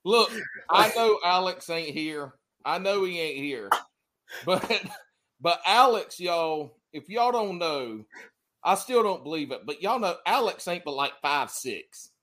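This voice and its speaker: Southern man, podcast host, slightly high and very lively voice, joking and cursing. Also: unhurried, background noise. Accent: Southern American. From American South. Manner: joking, laughs often, swears freely. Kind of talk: casual podcast banter.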